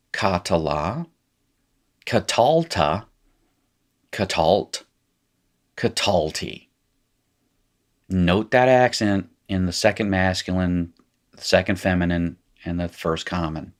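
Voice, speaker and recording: A man with an Appalachian accent from North Carolina, teaching a recorded lesson in a relaxed way that corrects itself as he goes. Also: low-pitched. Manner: casual, self-correcting explainer who laughs at his slips. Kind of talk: recorded lecture.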